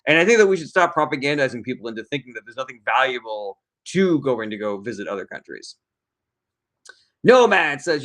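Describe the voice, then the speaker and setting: A man's voice: mid-range voice, a bit bright. A man answers questions from his live chat in a blunt, casual way, reading each message aloud before he replies.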